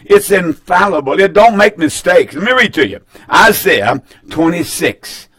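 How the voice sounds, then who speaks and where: Male pastor on air, slightly high voice, folksy, emphatic, says things twice. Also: very animated, a little slow, fairly bright tone. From North Carolina, US. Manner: folksy, emphatic, repeats phrases. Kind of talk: broadcast sermon with call-in announcements.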